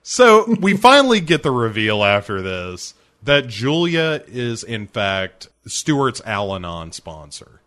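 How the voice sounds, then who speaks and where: A man's voice: medium pitch, very animated, takes it slowly, few pauses, a bit bright. A man co-hosting a casual movie-review podcast, often breaking into laughter as he talks. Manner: laughs often while talking. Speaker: podcast co-host.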